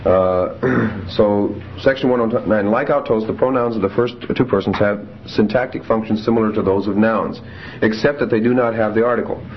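A man lectures on Greek grammar in a classroom. His voice sits low, and he reads the Greek slowly before explaining each example with many fillers. The tape sounds dull and lo-fi, with a faint hiss. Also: fairly even intonation. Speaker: Greek teacher.

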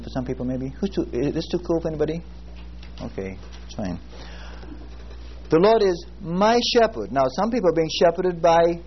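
A man teaching a Bible class, praying and telling a story in an earnest, halting way, with frequent fillers and restarts. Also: on the high side, breathy edge. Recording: muffled lo-fi recording with faint hiss.

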